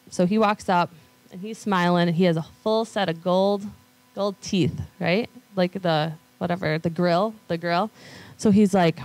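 A woman gives a conference talk in a casual, chatty way, slipping into lively voices when she quotes people. Her voice sits a little low for a woman. The sound is dry and close, with little room echo. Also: normal speed. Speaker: conference speaker on law firm marketing. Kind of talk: conference talk with audience questions.

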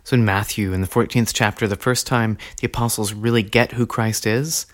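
A man hosting a teaching podcast, speaking in a measured, earnest way and slowing down to stress key phrases. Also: on the low side, fairly even intonation. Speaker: podcast host teaching on early Christianity.

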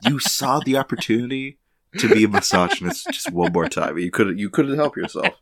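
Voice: medium pitch, animated, fairly quick. A podcast co-host teasing the others in casual chat. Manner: teasing, laughs loudly.

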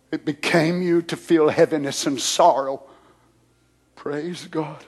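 A man preaching and praying in a sermon, moving from hushed whispers to loud shouts. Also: on the high side, measured pace, slightly rough. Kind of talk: sermon prayer.

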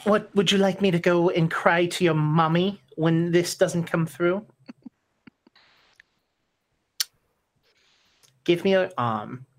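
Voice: medium pitch, moderate pace, close to an everyday voice. A game master voicing a flirty, mocking female hag who bargains for marks. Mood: sly. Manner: teasing and sly.

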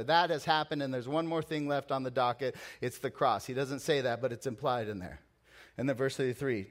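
A pastor delivering a sermon, animated and swinging between loud emphasis and hushed prayer. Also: male voice, mid-range voice, moderate pace.

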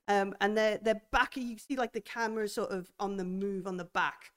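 A young woman narrating a tabletop horror game as game master, hesitant with many pauses and restarts. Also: mid-range voice, steady tone, smooth.

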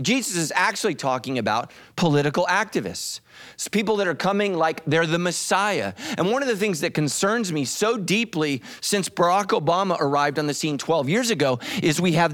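Middle-aged man, American pastor, slightly high voice, lively emphatic sermon delivery. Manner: animated, emphatic preaching with asides to the congregation.

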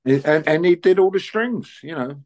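An older man in his sixties, a musician telling stories in a relaxed interview and acting out the dialogue. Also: a little high, normal speed, muffled recording. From England. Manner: chatty, anecdotal, plays out dialogue in quoted voices. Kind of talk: relaxed conversational storytelling.

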